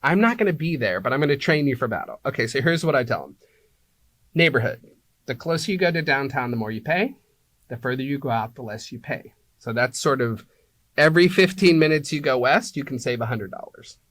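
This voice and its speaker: A man's voice: mid-range voice, lively intonation, brisk, fairly bright tone, no room sound. A man being interviewed as an apartment locator, explaining things like a teacher and checking in with "right?" and "okay?" as he goes.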